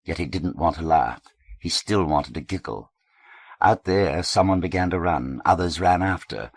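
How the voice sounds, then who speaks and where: A man narrating a literary novel in a measured, understated way. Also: deep voice, breathy edge, no echo. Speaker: audiobook narrator.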